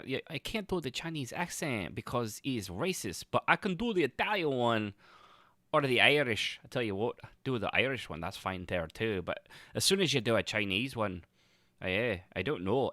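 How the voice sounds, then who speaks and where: A man's voice: medium pitch, lively intonation, moderate pace, fairly bright tone, no room sound, studio quality. A man in his thirties hosting a podcast, rambling sarcastically through casual commentary with lots of fillers and restarts. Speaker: podcast host.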